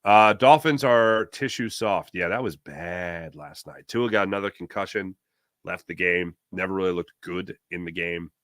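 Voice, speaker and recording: A man hosting a sports talk show, reading an ad and the live chat in a jokey, animated way. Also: sits low, normal speed, no room sound, studio quality. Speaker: podcast host.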